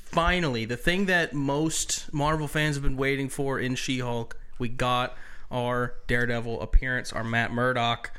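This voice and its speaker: Bright-voiced man co-hosting a podcast. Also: medium pitch, steady tone, moderate pace, clear, resonant tone. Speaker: podcast co-host. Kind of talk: casual chat.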